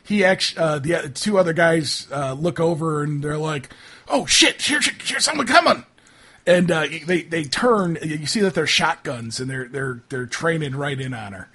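A man running a tabletop role-playing game as game master, narrating in a halting way while he searches for words. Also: on the high side, fairly bright tone, husky.

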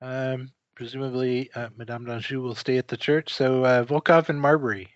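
A man's voice: mid-range voice, fairly even intonation, normal speed, dry recording. A man acting as game master for a tabletop game, hesitant and full of "uh"s as he tracks the players. His voice comes through a muffled, dry microphone with no room sound.

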